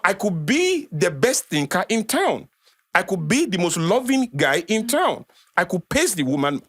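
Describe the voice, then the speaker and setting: A middle-aged man with a Nigerian accent holds forth as a podcast guest, driving his points home by repeating them. His voice sits a little high for a man. The sound is dry and close, with no room echo. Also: a bit bright. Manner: emphatic, repeats phrases for effect, lecturing. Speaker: guest speaker. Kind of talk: passionate podcast talk.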